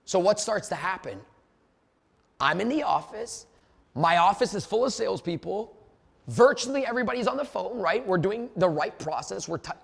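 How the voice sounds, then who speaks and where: A man giving a motivational sales webinar as a trainer, energetic and profane, telling stories from his sales office. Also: high voice, vocal fry, long reverb tail.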